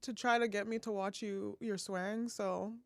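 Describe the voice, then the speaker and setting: A young woman co-hosting a podcast, chiming in casually with quick reactions. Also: mid-range voice, fairly even intonation, vocal fry, dry recording, studio quality. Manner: chimes in with quick reactions and laughs. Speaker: podcast co-host. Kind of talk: casual chat.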